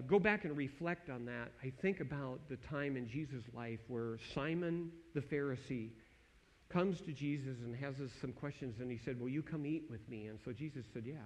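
A man giving an earnest personal testimony sermon, dropping to a hushed tone when he quotes his own thoughts. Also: medium pitch, low-quality recording.

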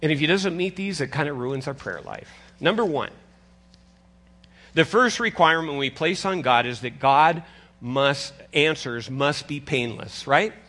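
An older man preaching a sermon as pastor, conversational and animated, teasing his congregation. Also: on the high side, unhurried.

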